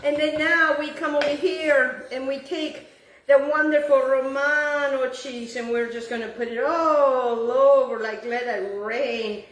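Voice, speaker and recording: A woman's voice: high voice, steady tone, measured pace, roomy sound, recorded from a distance, poor audio. A woman hosting a home cooking demonstration, gushing over the food and dropping in Italian words. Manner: effusive, repeats "beautiful" and "wonderful", drops Italian words. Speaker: cooking show host. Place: home kitchen.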